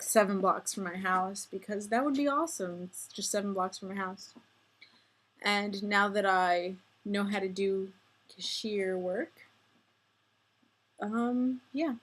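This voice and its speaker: Woman, 20s, vlogger; chatty, self-deprecating, slow unhurried delivery. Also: medium pitch, fairly bright tone. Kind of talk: casual vlog monologue.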